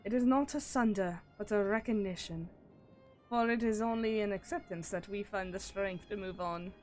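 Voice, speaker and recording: A woman reading the lines of a composed village elder from a game, measured and solemn. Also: mid-range voice, darkish tone, soft background music, natural voice.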